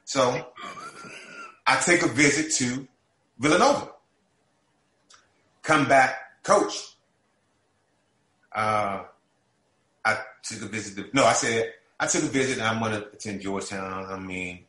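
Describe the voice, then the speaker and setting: Man telling a lively story, echoey room. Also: fairly low pitch, normal speed, pauses often. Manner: animated storyteller acting out quoted dialogue. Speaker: former college basketball player. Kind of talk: storytelling in a group conversation.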